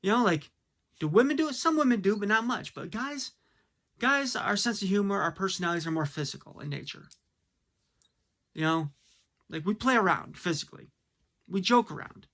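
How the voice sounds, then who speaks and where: A man's voice: high voice, expressive, moderate pace, long pauses, a bit bright. A man giving a blunt, casual opinion monologue, full of fillers and rhetorical questions. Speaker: commentator.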